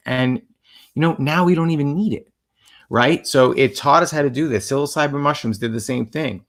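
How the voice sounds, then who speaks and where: A man's voice: fairly high pitch, moderate pace. A man co-hosting a livestream about relationships, talking in an earnest, reflective way, with lots of fillers. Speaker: co-host of a couples livestream. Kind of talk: casual conversational talk.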